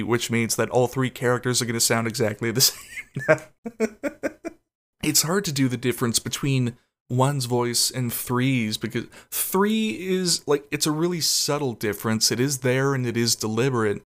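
Rambling, profane podcast host, mid-pitched man. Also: normal speed. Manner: rambling, profane, with frequent self-conscious laughs. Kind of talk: casual solo podcast chat.

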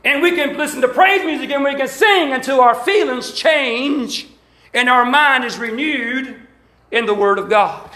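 A man with a Southern accent preaching a fervent sermon in church, shouting and calling out to the congregation. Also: very high voice, a little slow. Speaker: pastor. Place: church sanctuary. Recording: roomy echo of a church hall.

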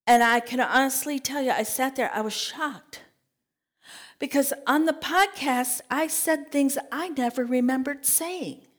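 A woman teaching a Bible study as a sermon, lively, acting out scripture and conversations in other voices. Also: high-pitched, unhurried. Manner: animated, acts out scripture quotes and conversations. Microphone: podcast mic.

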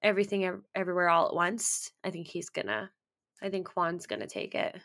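A woman with a bright, forward voice co-hosting a relaxed chat about awards. She reads out lists of nominees, stumbling over names and filling pauses with ums and likes. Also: on the low side, creaky. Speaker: co-host. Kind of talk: casual film award chat.

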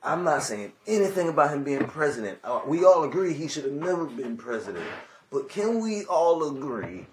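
A man's voice: fairly high pitch, very animated, normal speed, roomy sound, a little hiss or hum. A man in casual chat, loose and joking, with slangy talk.

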